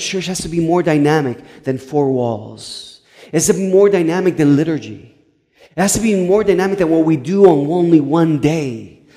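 A man's voice: a little high, a little mellow. Earnest man preaching, echoing hall. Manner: earnest, stumbling restarts, acts out dialogue. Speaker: pastor. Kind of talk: sermon storytelling.

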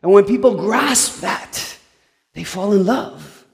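A man's voice: sits high, animated, takes it slowly, vocal fry, big-room sound. A male pastor telling a story in a sermon, earnest, with frequent stumbling restarts.

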